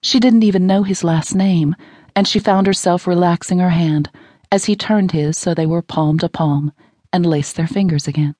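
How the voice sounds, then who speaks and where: A woman narrating a romance audiobook in an intimate, even storytelling manner on a close studio mic. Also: lowish voice, normal speed, no echo.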